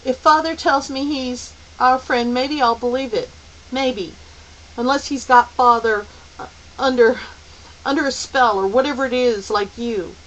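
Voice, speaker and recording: A woman's voice: sits high, a little slow, pitched above the performer's own voice, low-quality recording. Woman doing a fierce, defiant teenage girl. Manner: loud, defiant.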